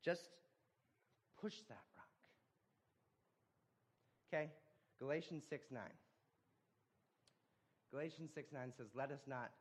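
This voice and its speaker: A man's voice: mid-range voice, slow pace, long pauses. A man preaching a sermon, telling a folksy story with casual asides.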